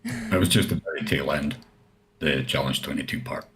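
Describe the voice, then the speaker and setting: A man's voice: rumbling low, moderate pace, a bit bright, breathy edge. A man in a voice chat, talking in a dry, teasing, casual way. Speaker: voice chat participant.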